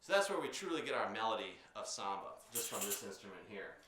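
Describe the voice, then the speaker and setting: A man teaching percussion technique, explaining patiently with frequent filler pauses while demonstrating drums. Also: fairly low pitch, very animated, very noisy. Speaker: percussion instructor. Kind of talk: instructional demonstration. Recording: echoey room with drum sounds.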